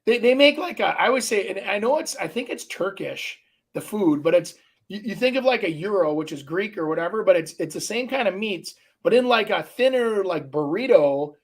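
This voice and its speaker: High-voiced male co-host, animated joker, casual studio banter. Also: moderate pace. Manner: animated, joking storyteller. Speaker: radio co-host. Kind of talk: casual radio talk. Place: radio studio.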